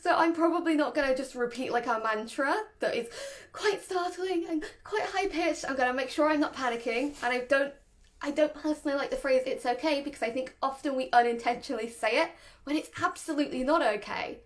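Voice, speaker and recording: A young woman explains handling a nervous dog in an easygoing, talkative way. Her voice sits high and bright in pitch, and she laughs easily between points. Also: brisk. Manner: chatty, laughs often, demonstrates voices. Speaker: dog trainer. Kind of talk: casual explanatory talk to camera.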